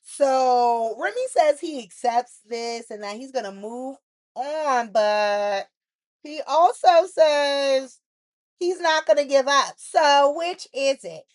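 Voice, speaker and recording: In a casual soap opera recap, a woman delivers blunt, sassy opinions full of asides and "like." She speaks slowly in a high-pitched voice, with no echo.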